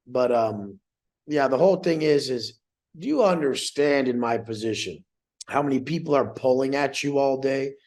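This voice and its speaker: A man's voice: mid-range voice, a little mellow, roomy sound, low-quality recording. A young man hosting a group coaching call, brash and swearing, acting out the voices of people he quotes.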